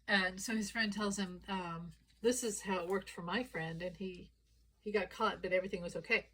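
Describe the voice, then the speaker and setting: A woman delivers casual political commentary straight to her audience. She tells her stories with lively energy and slips into short acted voices for the people she quotes. Her speaking pitch sits in an ordinary middle range. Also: normal speed, poor audio. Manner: animated storyteller, acts out quoted dialogue.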